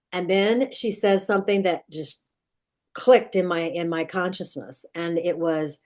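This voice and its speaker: A woman's voice: fairly low pitch, a little slow, a little mellow. A middle-aged woman, a dream expert guest, earnestly retelling a childhood nightmare in vivid detail, with many restarts. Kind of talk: storytelling in an interview.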